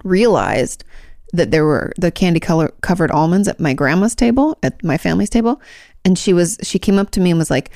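Woman, podcast co-host, casual chat, low gravelly voice, dry close sound, laughs often. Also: fairly quick, no room sound. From Washington state. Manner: chatty, laughs often, animated storytelling.

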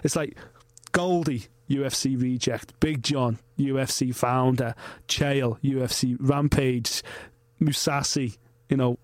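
A man's voice: mid-range voice, fairly even intonation, slow pace, no room sound. A man, hosting a podcast and rambling through a story in a frank way, swearing freely. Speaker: podcast host. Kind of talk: casual chat.

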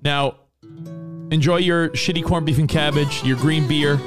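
A man's voice: on the high side, unhurried, over music. A man co-hosting a casual talk radio show, telling stories and acting out quotes. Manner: animated storyteller, acts out quotes. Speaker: co-host.

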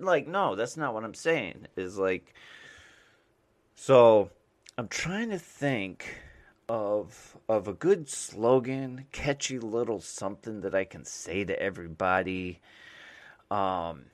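A man's voice: lowish voice, expressive, slow. A man from the United States, a mailman and podcast host, rambling casually with lots of fillers and restarts.

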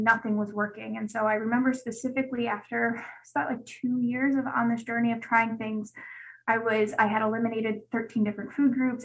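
A gut health specialist appears as a guest and shares her own story frankly and conversationally, sprinkling in lots of "like"s. Her voice is fairly high, and the recording quality is poor.

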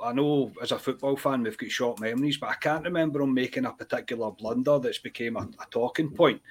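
A man's voice: medium pitch, fairly bright tone. Man hosting football chat. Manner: questioning, moderating. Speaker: podcast host.

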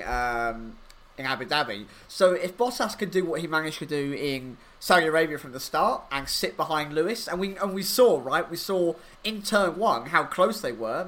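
A man co-hosting a podcast, talking through his racing analysis in a rambling, animated way with many fillers. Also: on the high side. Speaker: podcast co-host. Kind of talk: casual motorsport podcast chat.

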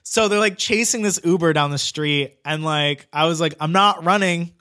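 A man's voice: a little high, moderate pace, a bit bright. A man telling a long story in casual chat, rambling with lots of "like" and swearing. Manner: rambling, heavy use of "like", swearing.

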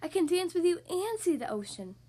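A woman voicing a young mermaid princess in a storybook reading, speaking high, sweet and breathless. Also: sing-song, brisk, mellow. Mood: eager.

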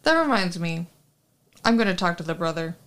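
A woman's voice: fairly low pitch, animated, a little fast, a bit bright, slight background noise. A woman playing a blunt male police interrogator in a stage play reading, asking curt questions.

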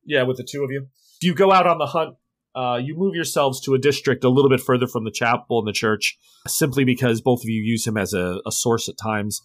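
A man's voice: medium pitch, brisk, dry recording. A man narrating a tabletop horror game as game master, rambling with many restarts.

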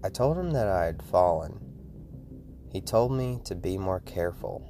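A man narrating a scripted horror story in the first person with a steady storytelling delivery. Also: sits low, moderate pace. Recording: music playing behind the voice.

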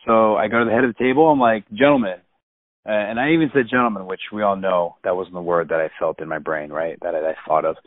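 A man's voice: deep voice, fast talker, few pauses, no room sound. A man in his thirties animatedly and emphatically retelling a personal story. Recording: dry tinny phone-like sound.

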